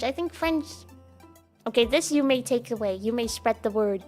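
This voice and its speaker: High-pitched giggly Dutch woman. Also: animated, normal speed, a little mellow, faint music behind. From Netherlands. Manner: playful and giggly, chatty. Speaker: streamer. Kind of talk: casual chat with live viewers.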